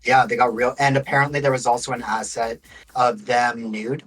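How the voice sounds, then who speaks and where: A man's voice: medium pitch, little pitch movement, moderate pace, a bit bright, slightly rough, faint music behind, rough recording. A man guest-hosting a stream, laid-back, giving short agreeing replies with dry sarcasm. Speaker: guest co-host. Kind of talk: casual stream chat.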